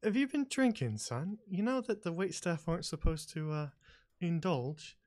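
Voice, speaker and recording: A man's voice: a little high, expressive, normal speed, a little mellow, voice pushed up, natural voice. A man voicing Edward, a stern older head waiter who scolds a young server in a fatherly way. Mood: suspicious.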